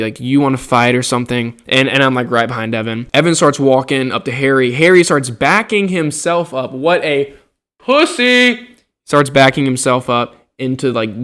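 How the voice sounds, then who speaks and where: Young guy telling a college story, annoyed, cursing, acting out everybody's lines. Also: mid-range voice. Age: young adult. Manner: animated and exasperated, swears freely, acts out what others said. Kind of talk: casual storytelling to camera.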